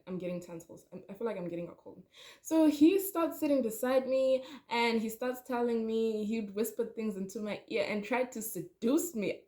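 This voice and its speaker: A young woman telling a storytime vlog, animated and chatty, talking straight to her viewers. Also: fairly high pitch. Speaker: vlogger.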